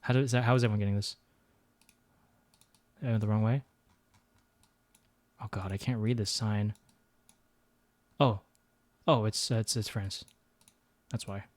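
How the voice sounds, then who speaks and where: Guy thinking out loud while he plays, mumbling guesses, knocks himself down a lot, dry close sound. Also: lowish voice, fairly even intonation, measured pace, pauses often, no room sound. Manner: thinks aloud, mutters guesses, self-deprecating. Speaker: streamer playing a geography guessing game. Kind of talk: casual gameplay commentary.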